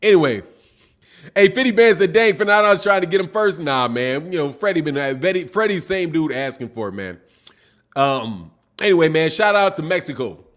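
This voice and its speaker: High-pitched, animated boxing livestream host. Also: male voice, normal speed. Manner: animated, teasing, slangy. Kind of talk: livestream commentary with chat shout-outs.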